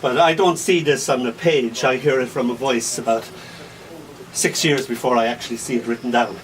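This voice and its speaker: A man's voice: medium pitch, steady tone. An Irish man in his sixties with a Kildare accent, a guest poet telling playful stories on a radio show. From Ireland. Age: 60s. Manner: playful, storytelling, quick to laugh. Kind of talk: casual radio chat. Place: hospital radio studio. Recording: distant mic with faint hiss.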